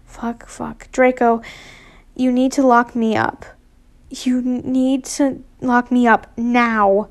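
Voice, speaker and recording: A woman's voice: on the high side, level tone, takes it slowly. A woman voicing a furious young man who swears. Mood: desperate. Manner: swearing, growling outbursts. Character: angry young man under a love potion.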